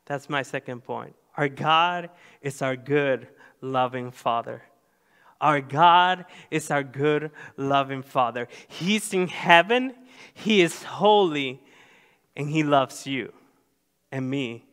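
A man preaching a sermon, slow and deliberate, rising to loud emphatic passages. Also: medium pitch, clear, resonant tone. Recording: long hall reverb.

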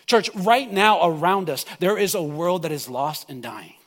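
A pastor delivers an impassioned sermon in a fairly high voice, rising to pleading cries and dropping to near-hushed stretches. His words ring out with a long reverb from a church hall. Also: lively intonation, normal speed.

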